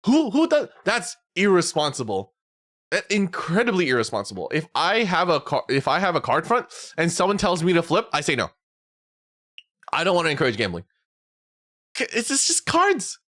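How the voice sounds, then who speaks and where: A young man chats on his stream in a loose, heated rant, swearing freely and slipping into little voices for the people he quotes. His pitch swings widely as he talks. The sound is dry and close, with no room in it. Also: normal speed, no echo. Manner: animated ranting, swearing, acting out quotes. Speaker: VTuber streamer. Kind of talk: casual chat stream.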